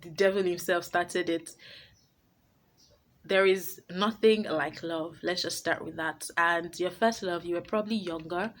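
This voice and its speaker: A woman's voice: fairly low pitch, fairly even intonation, a little slow. A woman hosting her own advice vlog, talking to camera in a blunt, emphatic way. She laughs easily and often repeats her points. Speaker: vlogger host.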